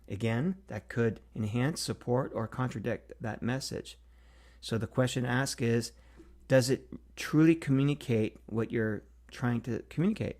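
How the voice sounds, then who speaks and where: A man's voice: medium pitch, a little mellow. A middle-aged man talking casually to camera about marketing, thinking aloud with frequent fillers and restarts. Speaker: marketing consultant hosting a Q&A series. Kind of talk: casual solo talk to camera.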